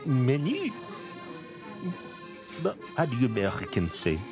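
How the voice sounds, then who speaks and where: A man voicing a pompous male sommelier with a put-on French accent, speaking in a drawn-out, condescending way. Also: medium pitch, wildly swooping pitch, over music, voice pushed up. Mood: haughty.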